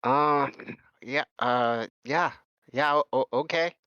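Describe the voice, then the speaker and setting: A man's voice: medium pitch, slow, sharp tone, clean tone, no room sound, lo-fi sound, pitched above the performer's own voice. A man voicing a nervous bird-headed woman who speaks with a man's voice and stammers through her words. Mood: flustered. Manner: hesitant, stammering.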